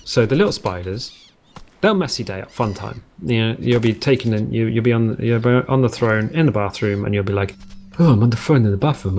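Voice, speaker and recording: A man at a middle pitch talking through a survival game from his home. He rambles and drifts into joking tangents, often cutting himself off and starting over. It sounds relaxed and unscripted, like a casual let's-play host. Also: a little hiss or hum. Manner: rambling, self-interrupting, jokey tangents. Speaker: gaming video host.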